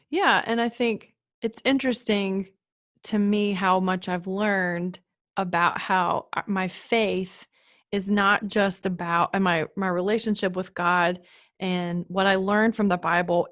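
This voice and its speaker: A young woman hosts a casual podcast interview, chatting and laughing easily. Her voice sits at an ordinary middle pitch. It is recorded close and dry, with no room sound. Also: fairly bright tone, dry recording. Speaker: podcast host.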